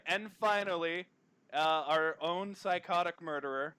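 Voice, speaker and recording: With crowd noise behind him, this podcast host's high-sitting voice is animated as he teases guests and laughs often. It's a casual, fast-talking group chat about movies held over a call.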